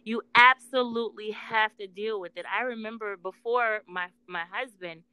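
A woman's voice: mid-range voice, steady tone, moderate pace, sharp tone, clear, resonant tone, no room sound, poor audio. A woman co-hosting a casual talk, speaking earnestly and emphatically about love and healing, with swearing. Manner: earnest, emphatic, profane storytelling. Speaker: podcast co-host, spiritual intuitive worker.

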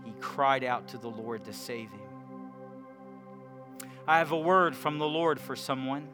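A man preaching a sermon, swinging from loud emphasis to hushed quiet lines and asking the congregation questions. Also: mid-range voice, measured pace, faint music behind.

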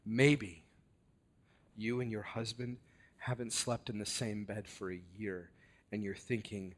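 A man preaching a sermon with earnest, deliberate delivery and dramatic emphasis. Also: fairly low pitch, level tone.

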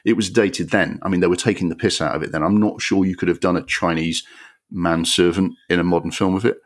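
A man with a very low voice rants about a film on his podcast, exasperated and sarcastic, swearing freely. His delivery swings between grumbling and incredulous outbursts. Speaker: podcast host. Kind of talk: ranting film review.

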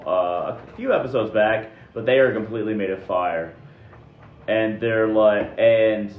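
A man narrating a tabletop game as game master, halting and restarting often. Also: fairly low pitch. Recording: roomy, dull lo-fi recording.

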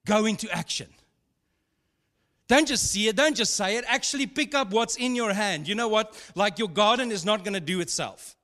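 A pastor delivers a sermon in a high voice at a moderate pace, his tone pushed and bright. He tells stories in a chatty, funny way, full of asides and laughter, and the recording carries a long hall reverb.

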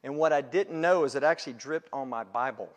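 A man preaching a sermon to his congregation, building to loud emphatic peaks and then dropping low. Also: a little fast. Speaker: pastor.

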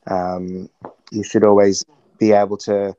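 A man talking earnestly as an interview guest, reflecting slowly with frequent restarts. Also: on the low side, level tone, mellow, no echo, highs cut off. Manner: earnest, searching, many restarts. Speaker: interview guest, stage performer.

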